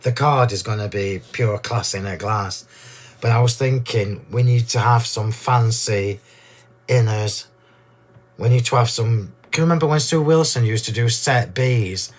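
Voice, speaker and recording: A man hosting a card-making demonstration, chatty and gushing, a little hoarse from losing his voice. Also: medium pitch, unhurried. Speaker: crafting demo host.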